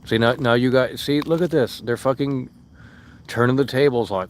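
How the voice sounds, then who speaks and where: A man's voice: medium pitch, brisk, slight background noise. A young man streaming and reading chat aloud, blunt and exasperated, swearing freely and mocking comments in sarcastic voices. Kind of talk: casual live-stream chat.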